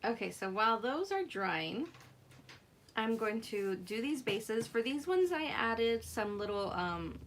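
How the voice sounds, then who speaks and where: Giggly chatty woman host, slightly high. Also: big pitch swings, slow, slight background noise. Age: adult mother. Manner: giggly, laughs often between remarks; chats with viewers while working. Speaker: craft livestream host. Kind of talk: casual chatty craft demo.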